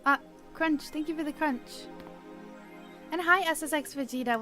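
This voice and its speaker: A playful woman chats with her stream audience between bits of gameplay, giggling and greeting viewers by name. Her voice sits a touch higher than most. Soft music plays faintly underneath. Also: measured pace, long pauses. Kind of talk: casual live-stream chat while gaming.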